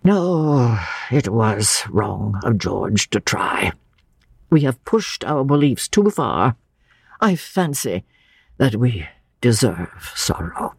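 A woman voicing a gentle, weary old man who speaks slowly and in a low hush. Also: big pitch swings, gravelly, slightly rough, no echo, studio quality, full character voice. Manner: slow, soft, low and hushed.

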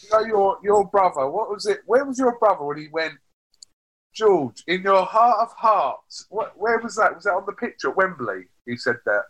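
A man's voice: sits high, big pitch swings, fairly quick, hardly any pauses, a bit bright, breathy edge, poor audio. A man hosting a casual interview over a call, prompting his guest with questions. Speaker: podcast host. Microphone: remote call mic.

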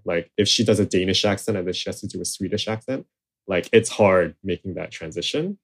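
A literary translator in an interview, this man has a low-pitched, brisk voice with a breathy edge. His talk is casual and meandering, thick with fillers and restarts.

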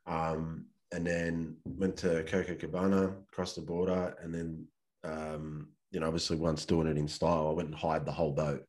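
A man's voice: low voice, darkish tone. A man with an Australian accent, a podcast guest telling a long personal story in a rambling, laid-back, swear-heavy way. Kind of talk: casual storytelling.

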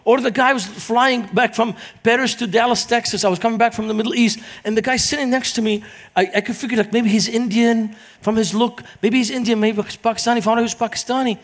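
A middle-aged man from Lebanon, preaching in a lively storytelling manner as a guest speaker. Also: extremely high pitch, fast. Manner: animated, acts out quoted voices in anecdotes. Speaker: guest speaker, Christian minister. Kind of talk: storytelling sermon.

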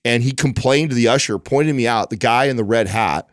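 A man co-hosting a podcast, telling a lively, profane anecdote in casual chat. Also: mid-range voice, a little fast, no echo, clean studio sound. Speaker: podcast co-host.

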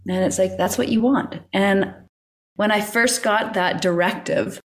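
A woman's voice: mid-range voice, a little slow. A middle-aged woman telling a personal story as a podcast guest, acting out her own inner dialogue and often laughing.

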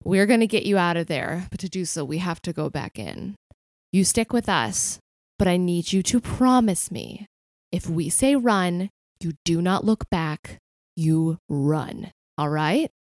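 A woman voicing a caring, protective adventurer woman in a tabletop game, speaking gently and reassuringly. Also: on the low side, lively intonation, no room sound. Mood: gentle. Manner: gentle, reassuring, stammers when hurried.

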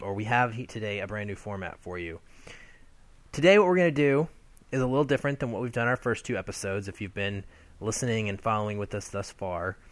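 A man's voice: mid-range voice, a bit bright, no echo. A man co-hosting a podcast, laying out the episode format in an orderly, step-by-step way. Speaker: podcast co-host. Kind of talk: scripted-sounding episode intro.

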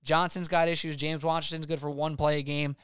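A man co-hosts a sports betting podcast, firing off emphatic, rapid-fire picks. His voice is smooth and a touch high. The sound is dry and close. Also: little pitch movement, fairly bright tone, no room sound. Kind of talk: casual sports betting chat.

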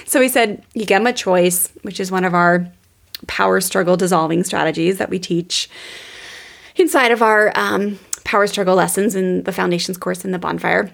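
Low-pitched and fairly even in intonation, her voice carries vocal fry at a normal speed. As host of a parenting podcast and a parenting coach herself, she talks straight to her audience with chatty enthusiasm, addressing them as "you guys."

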